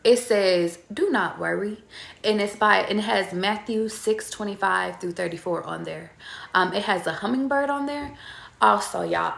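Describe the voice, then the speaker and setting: In an echoey room, a young woman tarot reader talks casually with her viewers about spiritual matters, chatty and swearing freely. Her voice is gravelly and medium in pitch.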